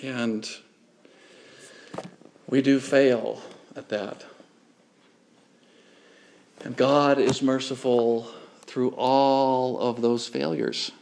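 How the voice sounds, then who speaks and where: Slow, earnest preaching man. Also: medium pitch, a little mellow, slight background noise. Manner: earnest, builds to emphatic repetition. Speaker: pastor. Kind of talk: sermon.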